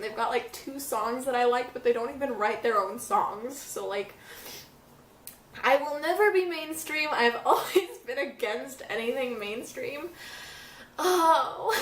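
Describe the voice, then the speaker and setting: Young female vlogger, casual rambling talk, a bit high, recorded at a distance. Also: slight background noise. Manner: rambling, laughing through tears. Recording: echoey room from a distance.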